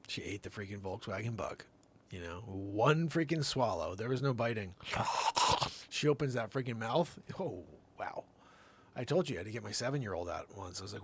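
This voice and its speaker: Animated gravelly comic storyteller man. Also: on the low side, moderate pace. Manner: animated storytelling, swinging between shouts and mutters. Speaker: comedy show host. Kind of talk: rambling comic monologue.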